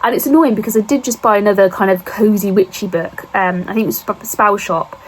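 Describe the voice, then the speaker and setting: A young woman chatting casually on a book vlog, a bit husky from a cold, rambling and self-deprecating with asides to the viewer. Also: mid-range voice, a little fast. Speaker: book vlogger.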